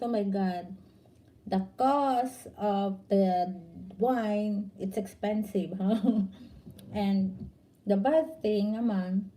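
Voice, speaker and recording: A middle-aged Filipino woman chatting casually to her viewers in accented English, often pausing to search for words. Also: medium pitch, mellow, poor audio. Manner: halting, searches for words, mixes in Tagalog. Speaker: vlogger.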